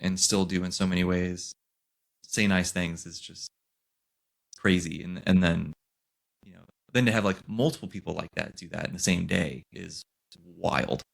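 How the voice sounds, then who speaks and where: A man with a deep voice and some gravel in it talks on a podcast. He sounds earnest, stops and restarts as he searches for words, and speaks in a casual, conversational way. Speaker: podcast co-host. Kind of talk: casual chat.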